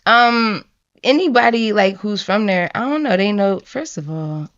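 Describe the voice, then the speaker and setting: A woman's voice: mid-range voice, animated, a little slow. Young woman, guest on a podcast, rambling filler-heavy chat, slightly dull lo-fi sound. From New Jersey. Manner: rambling, giggly, lots of 'like' and 'I don't know'. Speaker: guest artist. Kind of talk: casual chat.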